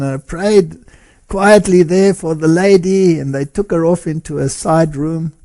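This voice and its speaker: A man telling a story in an interview as a lecturer, animated and often chuckling as he talks. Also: fairly high pitch. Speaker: guest speaker and lecturer.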